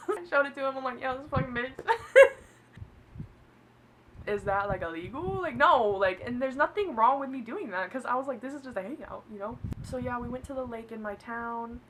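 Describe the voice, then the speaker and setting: A woman's voice: fairly high pitch, fairly bright tone, slight background noise, rough recording. A young woman telling a personal story in a casual, chatty way, swearing and laughing along.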